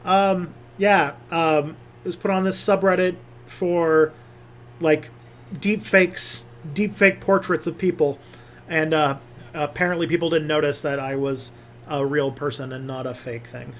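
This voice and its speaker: A man's voice: a little high, fairly even intonation, a little slow, a little hiss or hum. Rambling young man chatting on a livestream. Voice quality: rambling, many fillers and restarts. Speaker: livestream host. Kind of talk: casual livestream chat reading viewer comments.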